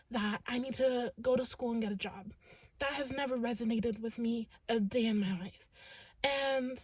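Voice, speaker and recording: A woman's voice: sits high, no echo. A young woman giving an earnest, emphatic tarot reading in a casual way, full of "like" and "literally". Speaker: tarot reader.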